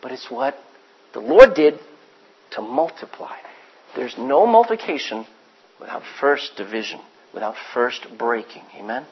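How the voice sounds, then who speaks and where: A man preaching a sermon as pastor, swinging from hushed asides to loud acted-out quotes. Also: mid-range voice, expressive, unhurried, breathy edge, lo-fi sound.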